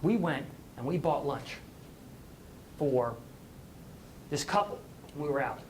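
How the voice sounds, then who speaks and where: A man voicing an earnest woman who excitedly retells a kindness done for her, full of wondering questions, heard in an echoey recording from a distance with a faint rumble. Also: slow pace.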